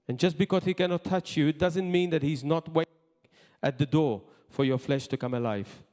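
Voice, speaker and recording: A man preaching a sermon as pastor, in impassioned bursts that drop to quiet asides. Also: on the high side, moderate pace. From Malta. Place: church hall. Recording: long hall reverb.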